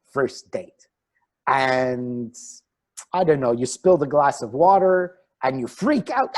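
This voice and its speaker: Husky, lively man coaching. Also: fairly high pitch. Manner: animated, laughs between points, acts out quoted lines. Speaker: relationship coach. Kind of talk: online evening talk on relationships.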